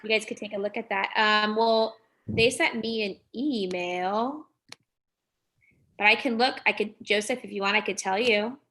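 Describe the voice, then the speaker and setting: A woman teacher chatting casually on a video call, friendly and brisk. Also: mid-range voice, steady tone, a bit bright. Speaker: teacher and sponsor.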